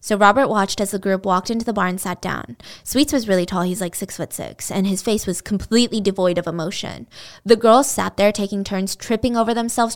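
Chatty, blunt woman storyteller. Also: a little high. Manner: chatty, blunt, swears, lots of "like". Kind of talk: casual true-crime retelling.

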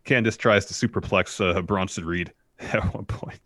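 A man co-hosting a casual livestream, recounting a wrestling match move by move in a steady run-on way. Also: low-pitched, normal speed, dry recording, clean studio sound. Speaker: co-host.

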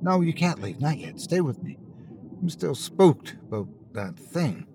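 A man's voice: fairly low pitch, animated, normal speed, lightly acted. Guy reading as a jittery teen boy, stammers, begs his friends for help, audio story with noise hiss. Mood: anxious pleading. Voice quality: anxious, stammering. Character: frightened teenage boy pleading for help.

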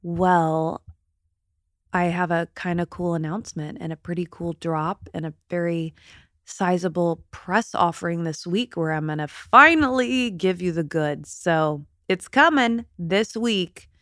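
A woman's voice: fairly low pitch, a little slow, a bit bright, no room sound, studio quality. A woman hosting her own podcast from bed, talking in an emotional, chatty, confiding way. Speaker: podcast host. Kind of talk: casual solo podcast talk. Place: in bed at home.

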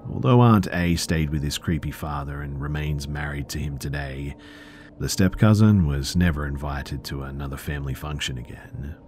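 A man calmly narrating true scary stories in a low-key, subdued way. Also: slight background noise. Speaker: storyteller.

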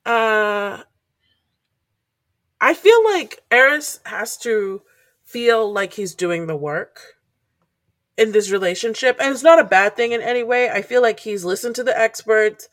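A woman's voice: medium pitch, moderate pace, dry recording. Wry woman co-host, dry sound. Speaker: podcast co-host. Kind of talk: casual chat.

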